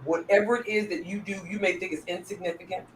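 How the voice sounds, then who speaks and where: A woman's voice: medium pitch, fairly even intonation, quick pace, roomy sound, slight background noise, low-quality recording. A woman, a former police corporal, telling a heartfelt personal story with lots of restarts and repeats.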